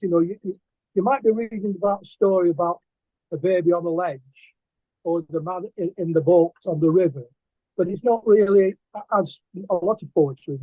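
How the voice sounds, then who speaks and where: An older man with a fairly high, husky voice, spinning loose anecdotes full of ums and restarts. The sound is dry and thin, as if it came over a phone line. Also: dry recording. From England. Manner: rambling, hesitant, with many fillers and restarts. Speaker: guest artist and poet. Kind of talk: casual interview storytelling.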